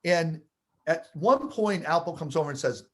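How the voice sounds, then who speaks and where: A man telling a personal anecdote with animated, building excitement, acting out the scenes as he goes. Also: fairly high pitch, moderate pace. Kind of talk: storytelling anecdote.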